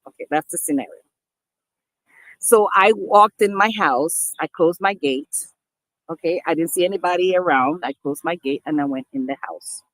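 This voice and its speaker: Speaking at a normal pace in a lowish voice, a woman vlogger talks earnestly to camera, addressing her viewers as people. She's emphatic, repeating and restarting phrases in casual talk. The recording is dry and low in quality.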